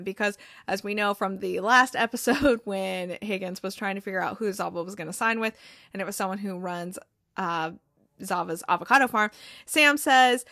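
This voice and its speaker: A woman giving a casual, animated recap of a TV episode, swearing freely and acting out the characters' lines. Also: mid-range voice, moderate pace, no echo, clean studio sound.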